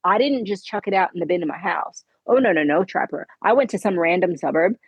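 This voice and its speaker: A middle-aged woman who tells her story with earnest feeling and plays the voices in her dialogue. Her voice sits a little low and has a husky edge. The sound is dry and close. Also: animated, a little fast, no echo, dull audio. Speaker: podcast guest. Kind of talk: conversational interview.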